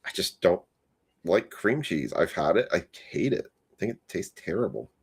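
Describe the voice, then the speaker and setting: A man's voice: deep voice, lively intonation, moderate pace, slightly rough. A man hosting a live card break stream, chatting casually and teasing his co-host while rattling off lists of player names.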